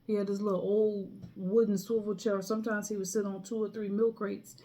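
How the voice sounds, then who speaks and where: A woman's voice: medium pitch, flat delivery, a little fast, mellow. A middle-aged woman casually telling a personal story in a chatty way, acting out the people she quotes. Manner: chatty, acts out quoted people, laughs between lines.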